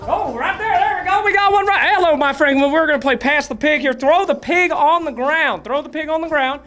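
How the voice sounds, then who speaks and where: Very high-voiced, shouty male event host. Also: fairly quick, soft background music. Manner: exaggerated, shouty, excitable. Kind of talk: comedic hype segment. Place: esports event venue, indoors.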